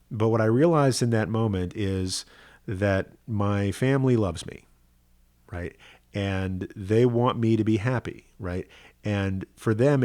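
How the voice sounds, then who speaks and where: A man's voice: lowish voice, darkish tone, no room sound, studio quality. A man who is a rabbi, telling a personal story to camera in an earnest, conversational way and often checking in with "right?".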